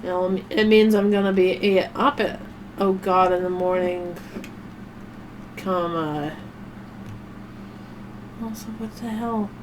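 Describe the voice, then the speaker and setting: A woman's voice: medium pitch, steady tone, takes it slowly, pauses often, slight background noise. A woman streamer chatting casually while she plays a game, rambling and swearing offhandedly. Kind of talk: casual chat while gaming.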